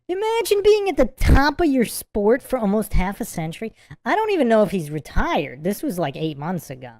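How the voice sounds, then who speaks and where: A woman's fairly high, lively voice rides up and down as she reacts to a sports clip in a casual livestream. She rambles, repeats herself and keeps dissolving into giggles. The sound is close and dry, with no room around it. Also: a little fast, hardly any pauses, no echo. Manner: giggly, keeps breaking into laughter. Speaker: livestream host.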